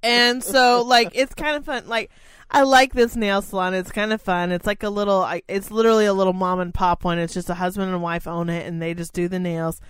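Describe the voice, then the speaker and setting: A woman's voice: mid-range voice, steady tone, a little fast, clear, resonant tone, dry recording. A woman co-hosting a casual podcast chat, telling a long story in a rambling, profane way. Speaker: podcast co-host.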